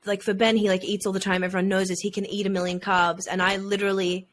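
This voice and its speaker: A woman's voice: medium pitch, flat delivery, fast, a little hiss or hum. A woman, co-hosting a podcast in a chatty, casual way with lots of "like" fillers. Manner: chatty, frequent "like" fillers, bursts of laughter. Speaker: podcast co-host. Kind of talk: casual chat.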